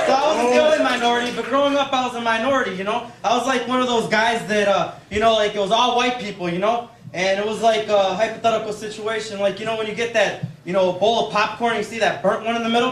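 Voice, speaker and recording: A young man performing a stand-up comedy set, rambling loosely with lots of fillers. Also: high voice. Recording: echoey room from far off, loud background noise.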